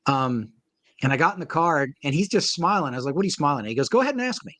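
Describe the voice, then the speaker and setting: A man, a paintball coach, talking casually in an interview and telling animated stories with acted-out quotes. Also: a little high, fast, no room sound. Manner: animated storyteller, acts out quoted voices.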